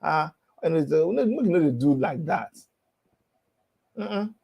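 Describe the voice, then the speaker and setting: Animated high-voiced Nigerian man. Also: unhurried, vocal fry, husky, muffled recording. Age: 50s. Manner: animated, taunting, laughs between lines, slips into Pidgin. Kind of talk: mocking monologue.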